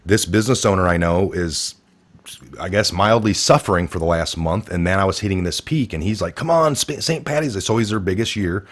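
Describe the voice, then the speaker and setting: A deep-voiced man hosts a casual political talk show. He rambles through his points with plenty of fillers and restarts. Now and then he jumps into a raised voice to act out the people he quotes. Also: fairly quick. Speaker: podcast host.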